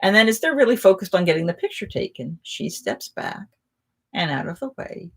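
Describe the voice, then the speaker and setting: A woman hosting a casual live chat, telling rambling, animated anecdotes. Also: mid-range voice, brisk, husky.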